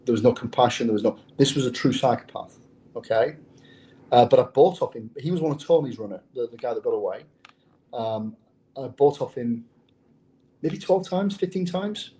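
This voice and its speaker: A man's voice: medium pitch, a little fast, pauses often, dark tone, slight background noise, low-quality recording. An English man who is a former undercover police officer, telling a story in an interview in a blunt, profane way. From England.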